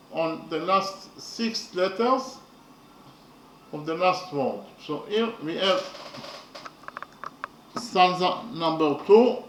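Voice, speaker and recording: Male lecturer, slow and halting, checks in often, roomy distant sound with faint hiss. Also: high voice. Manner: halting, repeats points with "okay?". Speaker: teacher. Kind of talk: lecture on poetry. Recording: echoey room, mic at a distance, faint noise.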